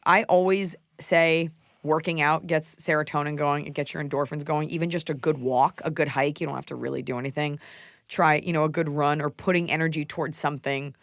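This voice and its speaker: A woman's voice: low-pitched, no echo, studio quality. A woman in her thirties hosting a podcast, giving blunt, casual advice and swearing freely. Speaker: podcast host.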